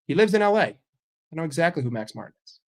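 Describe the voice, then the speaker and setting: Brief: American streamer man, American accent, brash and foul-mouthed, slightly higher-pitched voice, desk mic. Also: big pitch swings, quick pace. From United States. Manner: crude, swearing, joking. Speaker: streamer, football fan. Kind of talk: casual chat with viewers.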